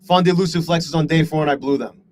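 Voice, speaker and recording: A fairly high-voiced man streams his day trading live and talks straight to his viewers. He is frustrated and self-deprecating, swearing freely. Faint background noise runs under his voice. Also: fairly quick, rough recording. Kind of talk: live stream talking to chat.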